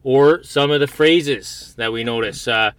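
A man's voice: medium pitch, unhurried, fairly bright tone, clean tone. A Canadian man chatting easily as a guest, often restarting his sentences. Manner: stammering restarts, easygoing. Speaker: guest, host's brother. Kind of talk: casual conversation.

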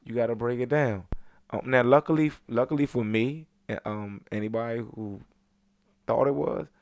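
A man co-hosts a podcast in loose, rambling banter, swearing freely and taking his time. His voice sits in an ordinary middle pitch and has a gravelly, fried edge. It sounds close and dry, with no room around it. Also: moderate pace, darkish tone, no room sound. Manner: laid-back, profane, rambling banter. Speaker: podcast co-host. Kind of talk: casual chat.

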